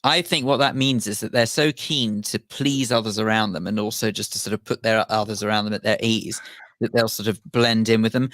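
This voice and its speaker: A man, co-hosting a radio show in a polite, measured, well-spoken way. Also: on the low side, steady tone, a bit bright, no echo. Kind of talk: casual studio banter. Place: radio studio. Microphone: studio microphone.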